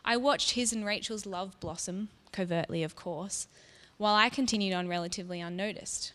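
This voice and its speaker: A woman telling a story in the first person, soft and reflective, as if confiding in the listener. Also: mid-range voice, normal speed. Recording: long reverb.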